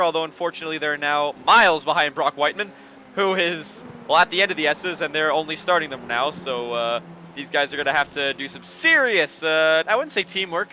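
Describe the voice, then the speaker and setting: A man doing live sim racing commentary, excitable and getting loud in close battles. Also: a little high, slight background noise. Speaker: race commentator.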